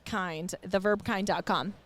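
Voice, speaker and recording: A woman's voice: mid-range voice, steady tone, a little slow, a bit bright. A woman guest on a podcast, speaking earnestly and encouragingly in casual interview talk. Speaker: podcast guest, nonprofit founder.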